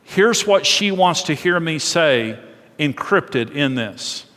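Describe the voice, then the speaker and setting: A man's voice: on the high side, animated, slow, fairly bright tone. Earnest male preacher in a reverberant hall. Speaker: pastor. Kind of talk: sermon on marriage. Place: church sanctuary.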